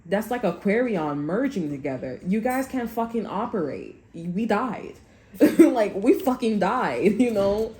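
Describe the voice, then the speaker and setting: A woman's voice: mid-range voice, big pitch swings, measured pace, warm tone. A woman giving a casual tarot reading to her viewers, talking bluntly and swearing often, and checking in with "okay?" again and again. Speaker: tarot reader.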